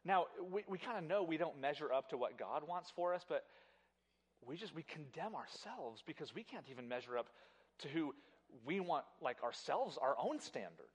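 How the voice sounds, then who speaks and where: A pastor preaching a sermon at a church service, emphatic and animated, often repeating words and speaking straight to the congregation. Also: male voice, fairly high pitch, moderate pace, husky.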